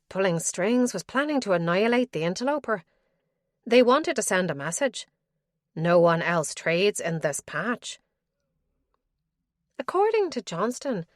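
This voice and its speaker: Low-voiced woman narrating a thriller. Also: dry recording, studio quality. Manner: measured, suspenseful. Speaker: audiobook narrator. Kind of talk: scripted audiobook narration.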